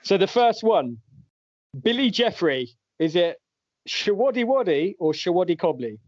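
A fairly high-voiced man hosts a relaxed podcast quiz, chuckling his way through questions and answers. The audio is dull and lo-fi, with a dry, close sound. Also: measured pace, dry recording. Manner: jokey, laughs often while reading out answers. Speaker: podcast host and quizmaster. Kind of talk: casual podcast chat, running a quiz.

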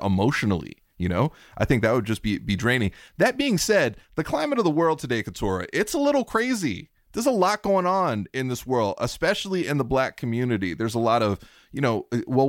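A man hosts a podcast interview in casual, emphatic, supportive chat. His voice is mid-pitched. The recording is dry and close. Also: no room sound. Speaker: podcast host.

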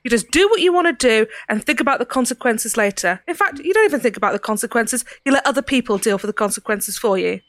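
A woman playing a fairy character at a tabletop game, scolding sarcastically in a soft Cockney accent. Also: on the high side, expressive, fast talker, hardly any pauses, dry recording, clean studio sound. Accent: soft put-on Cockney. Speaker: player. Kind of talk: in-character tabletop role-play.

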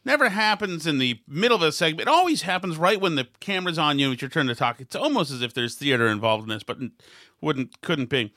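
A man's voice: on the high side, animated, fast, bright, forceful tone, no room sound, studio quality. A middle-aged man hosting a talk show, riffing in a mocking, rambling way on the news. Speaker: show host. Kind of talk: sarcastic political commentary chat.

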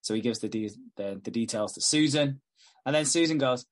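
A man's voice: mid-range voice, fairly quick. Swearing man recapping a soap. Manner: swears often, laughs easily, acts out characters' lines. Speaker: podcast host. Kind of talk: casual chat, recapping a soap.

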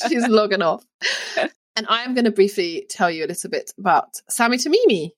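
A woman's voice: mid-range voice, lively intonation, normal speed. A woman co-hosting a casual cookbook podcast, playful and laughing often. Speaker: podcast co-host. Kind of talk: casual chat about cookbooks.

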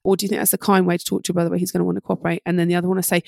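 Fast-talking woman parenting coach, gravelly edge. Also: fairly low pitch, dry recording, clean studio sound. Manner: fast, animated advice with acted-out parent-child dialogue. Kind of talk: podcast interview.

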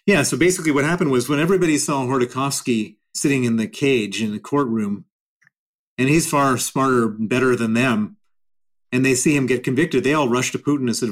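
A man's voice: mid-range voice, fairly quick. Blunt, emphatic man being interviewed. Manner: blunt, emphatic, repeats phrases for stress. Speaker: guest. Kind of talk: interview answers.

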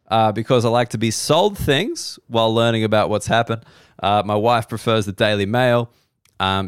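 A man's voice: fairly low pitch, clear, resonant tone, no room sound, studio quality. A man in his thirties with an Australian accent, a comedian doing a rambling, wry, self-deprecating solo podcast monologue.

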